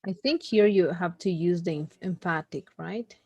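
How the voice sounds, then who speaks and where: A woman's voice: on the low side, normal speed, few pauses, darkish tone, breathy edge, no room sound. A woman teaching an online one-on-one English lesson, patiently and politely guiding her student through a reading and correcting his grammar.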